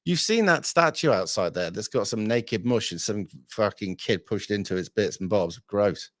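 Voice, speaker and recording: Blunt, sweary man, lowish voice. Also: expressive, normal speed, fairly bright tone, no echo, clean studio sound. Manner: blunt, sweary, rambling with fillers. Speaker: livestream host. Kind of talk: casual livestream chat.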